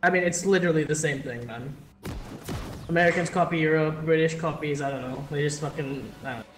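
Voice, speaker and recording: A man's voice: fairly high pitch, fairly quick, background noise. A young man with an Indian accent casting an esports match in a loose, joking way, swearing freely. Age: young adult. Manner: jokey, swears freely, laughs often. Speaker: esports caster. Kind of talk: casual esports commentary. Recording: echoey room.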